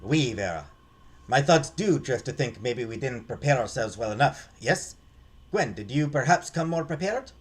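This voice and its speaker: A man's voice: medium pitch, lively intonation, normal speed, husky. A man voicing a snooty young male art graduate in a game, speaking in a put-on French accent with flowery, courtly manners. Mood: gallant.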